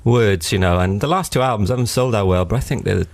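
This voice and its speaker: Low-voiced laid-back male musician. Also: fast, no room sound. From Wales. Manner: laid-back, laughing, earnest. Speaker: musician guest. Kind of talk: casual radio interview chat. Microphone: studio microphone.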